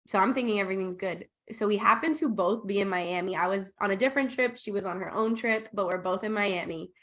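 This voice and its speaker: A woman guest on a podcast, retelling a client story in a bubbly, animated way, acting out what people said. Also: medium pitch, fast talker. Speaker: podcast guest, operations consultant. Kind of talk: casual storytelling in interview.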